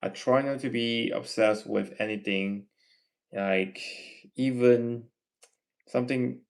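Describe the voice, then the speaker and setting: Gravelly Malaysian man chatting on a livestream. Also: medium pitch, steady tone, slow pace. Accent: Malaysian English. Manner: reads chat messages aloud and answers, gently lecturing. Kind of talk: casual live chat Q&A.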